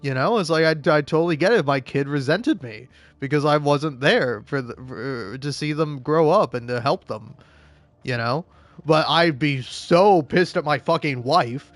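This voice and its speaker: A man streaming and chatting casually, rambling with lots of profanity and stumbling restarts, breaking into high-pitched rants. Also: normal speed, no room sound. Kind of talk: casual chat while gaming.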